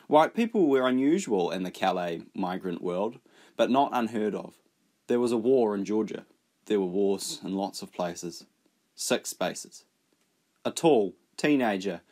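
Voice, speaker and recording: A man narrating an audiobook in a steady, measured reading voice. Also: fairly low pitch. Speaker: audiobook reader. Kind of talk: scripted narration.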